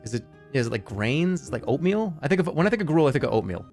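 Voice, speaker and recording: A man's voice: on the high side, very animated, fast talker, faint music behind. A middle-aged man streaming a game, joking and swearing casually as he plays. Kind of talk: casual gameplay commentary.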